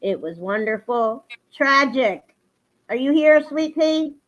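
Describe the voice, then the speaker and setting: A woman's voice: high-pitched, expressive, takes it slowly, a bit bright. Emotional woman streaming live. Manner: emotional, swings into angry ranting. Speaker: livestream host. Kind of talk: casual livestream chat to viewers. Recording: lo-fi livestream audio.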